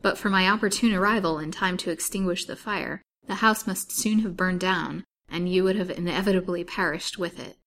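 A woman's voice: fairly low pitch, steady tone, normal speed, few pauses, a bit bright. A woman doing a formal, courteous detective. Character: courteous male detective, firm and gentle.

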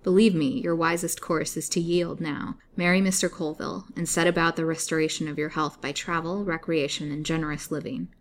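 A woman's voice: low voice, flat delivery, brisk, few pauses, natural voice. A woman voicing a sardonic male doctor who speaks with mocking persuasion.

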